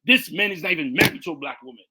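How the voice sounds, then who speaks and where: A man's voice: fairly high pitch, racing, bright, forceful tone, breathy edge. A man co-hosting a podcast who comments casually and with emphasis, often repeating his words as he makes his point. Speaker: podcast co-host.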